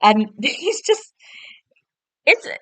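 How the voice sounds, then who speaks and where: A woman's voice: high voice, sing-song, very slow, fairly bright tone, no echo. A young woman, chatting casually as a podcast host and laughing often as she talks. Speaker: podcast host reviewing a TV episode. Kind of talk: casual review chat.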